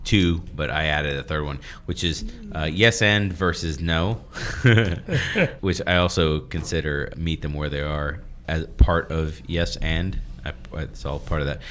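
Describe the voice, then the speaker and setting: A man's voice: a bass voice, measured pace, fairly bright tone, slight background noise. A man co-hosting a podcast in casual chat, rambling and chatty, laughing often. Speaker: podcast co-host.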